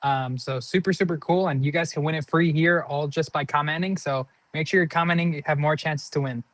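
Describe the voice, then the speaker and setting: A man joins a live gardening stream as a guest and talks loosely, dropping in plenty of ums. His voice sits a little high for a man and sounds dry and close. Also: steady tone, brisk, no echo. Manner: easygoing, filler-heavy promo talk. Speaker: guest from a garden products company.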